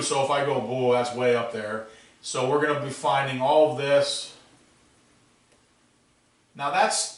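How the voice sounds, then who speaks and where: A man teaching a classroom math lesson, animated and playful, asking students questions as he works. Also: on the high side. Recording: echoey classroom, voice from far off.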